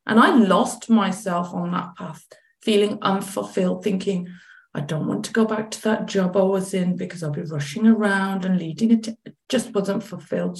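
A woman, a chronic pain coach as guest, telling a personal story in lively conversation and acting out what others said. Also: medium pitch, reverberant. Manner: animated, acts out quoted dialogue.

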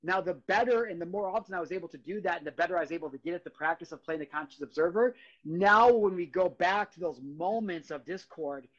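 A man's voice: high voice, fast talker, a bit bright. A man hosting his own podcast, speaking earnestly and casually in a motivational solo monologue. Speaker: podcast host. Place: podcast studio. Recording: dull lo-fi sound.

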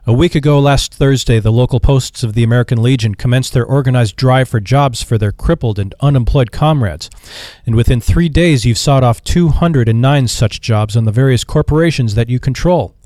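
A man's voice: mid-range voice, a little fast, a little mellow, no echo, clean studio sound, close to an everyday voice. A man voicing a stiff, defiant male office manager who complains in a prim, sour tone. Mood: complaining.

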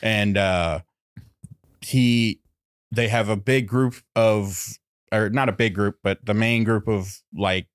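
A man in casual podcast chat, animated and swearing as he retells a story. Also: fairly low pitch, takes it slowly. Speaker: podcast guest.

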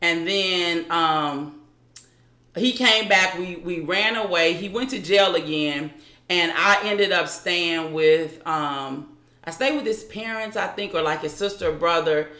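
Bright-voiced woman in an echoey room. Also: lowish voice. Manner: halting, with frequent restarts. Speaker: interview guest. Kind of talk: recounting a personal story.

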